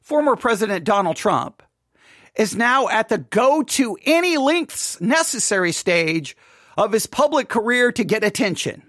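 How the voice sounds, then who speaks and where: A woman delivers indignant commentary with halting, exasperated phrasing. Her pitch swings widely as she talks. The recording is dry and close. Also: dry recording. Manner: exasperated, halting, with animated outbursts. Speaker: online commentator.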